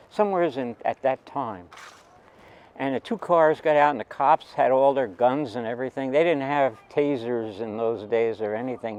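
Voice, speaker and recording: Older American man, halting anecdotal storyteller, mid-pitched. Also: darkish tone, poor audio. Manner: rambling, halting, with many restarts. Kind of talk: personal anecdote.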